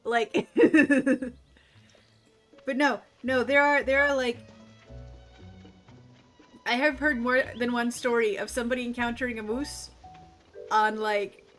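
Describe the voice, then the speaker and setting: Woman streamer, casual and rambling, slightly high pitch, faint music bed. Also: steady tone, takes it slowly, long pauses, fairly bright tone. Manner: rambling, chatty, laughs often. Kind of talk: casual chat while gaming.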